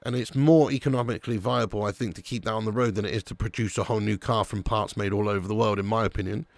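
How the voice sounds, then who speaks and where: A man's voice: on the low side, steady tone, fast, creaky, dry recording. A young man hosting a live football watch-along stream, chatting casually with viewers and swearing now and then. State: a little sleepy.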